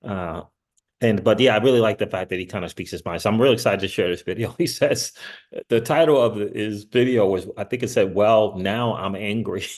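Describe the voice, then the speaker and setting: Male channel host, casual and rambling, animated with frequent laughs and sudden excited rises in pitch. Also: fairly quick. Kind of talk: casual livestream commentary.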